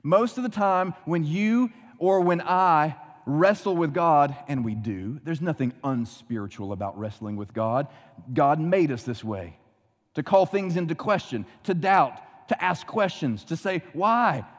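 A man preaching a sermon, dramatic, often dropping to a hushed low voice for emphasis. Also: animated, unhurried, big-room sound. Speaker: pastor.

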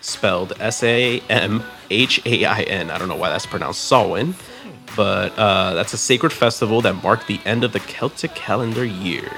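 A man's voice: lowish voice, normal speed, bright, forceful tone. A man co-hosting a casual podcast, reading fun facts aloud and correcting his own small slips. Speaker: podcast co-host. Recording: music playing in the background.

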